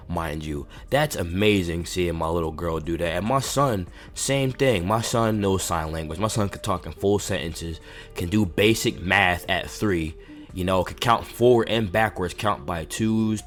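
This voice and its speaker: A man hosting a commentary video, a father speaking in a heated, indignant rant. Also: low voice. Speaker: commentary channel host. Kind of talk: reaction commentary. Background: faint background music.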